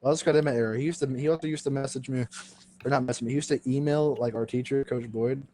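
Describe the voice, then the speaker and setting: Fast-talking young man telling stories. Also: mid-range voice, steady tone, warm tone. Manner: rambling, full of "like" and restarts, laughs often. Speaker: podcast co-host. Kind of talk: casual storytelling chat.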